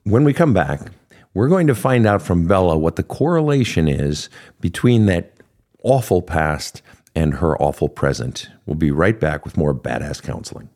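A man's voice: sits low, sing-song, moderate pace, darkish tone. A man hosting a counseling show, speaking bluntly and swearing casually as he questions his guest. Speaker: counselor host. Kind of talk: counseling conversation.

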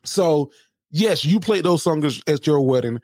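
A man's voice: a little high, animated, a little slow, a little mellow, no room sound, studio quality. A man co-hosting a comedy podcast, chatting loosely and retelling stories with quoted lines. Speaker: podcast co-host. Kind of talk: casual comedic chat.

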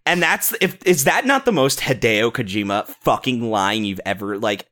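A young man co-hosting a casual podcast, talking excitedly about a film, swearing often and restarting his sentences. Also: medium pitch, moderate pace. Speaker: podcast co-host. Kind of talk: casual movie-review chat.

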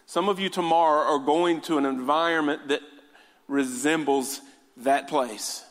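A man preaching a sermon in a church, making joking asides and then building to fervent exhortation. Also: medium pitch. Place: church hall. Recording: long hall reverb.

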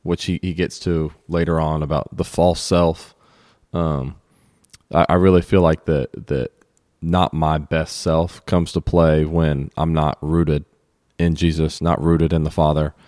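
A man co-hosting a podcast, speaking reflectively and personally about faith, with halting repeats. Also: rumbling low, little pitch movement, a little mellow, no room sound, clean studio sound. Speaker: podcast co-host. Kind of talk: casual faith discussion.

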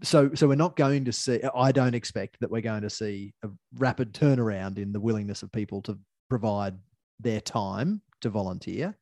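A man's voice: on the low side, moderate pace, a little mellow, no echo. A man, co-hosting a podcast, talking things through in a thoughtful, opinionated way. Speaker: podcast co-host. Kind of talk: casual chat.

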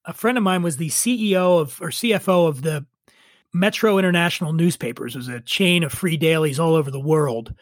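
Middle-aged man with a high voice: a drinks writer spinning loose, profane stories with self-mocking laughs, recorded dry and close. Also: fairly quick, no echo. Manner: animated, swears freely, laughs at himself. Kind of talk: casual interview storytelling.

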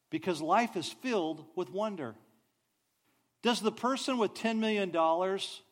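Animated storytelling male preacher. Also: sits high. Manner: storytelling, animated, drops to soft sighs. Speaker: pastor. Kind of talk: sermon.

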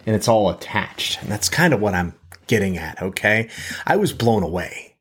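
A man's voice: lowish voice, lively intonation, normal speed, a bit bright, slightly rough. A man giving a Bible teaching in a conversational way, often restarting his phrases and checking in with "okay?". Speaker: preacher. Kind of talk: podcast teaching.

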